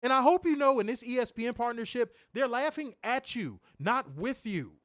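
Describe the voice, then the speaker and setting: A man's voice: extremely high pitch, lively intonation, moderate pace, fairly bright tone, no echo, studio quality. A man co-hosting a wrestling podcast, ranting with profanity and piling up rhetorical questions. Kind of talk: heated ranting commentary.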